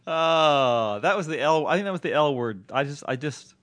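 A man's voice: fairly high pitch, expressive, moderate pace, fairly bright tone, no room sound. A man hosting a casual podcast who teases his co-host, laughs often and steers the show to letters and calls.

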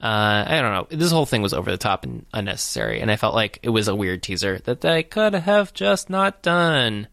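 Brief: a man with a low voice, rambling podcast recap, dry close sound. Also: very animated, a little fast, creaky, few pauses, a bit bright, no echo. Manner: rambling, filler-heavy storytelling. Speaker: podcast co-host. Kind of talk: casual movie recap chat.

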